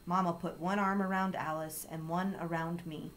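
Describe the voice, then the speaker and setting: Low-voiced woman reading a storybook. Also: moderate pace, rough recording. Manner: calm, steady storytelling. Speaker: story reader. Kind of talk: reading a children's chapter book aloud.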